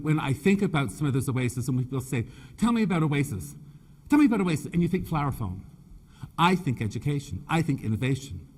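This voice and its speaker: Canadian male presenter, faint British lilt, mid-pitched, chatty and teasing, heard in a big echoing hall. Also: darkish tone, breathy edge. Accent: Canadian with a British touch. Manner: chatty, joking, addresses the audience. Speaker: floral design presenter. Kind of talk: live stage demonstration. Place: large exhibition hall. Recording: long hall reverb.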